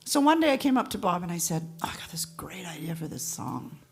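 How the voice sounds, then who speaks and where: A woman's voice: fairly low pitch, a little fast, creaky. A woman, a singer, telling a story between songs at a live event and acting out the voices of the people in it. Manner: lively anecdotal, acts out quoted voices.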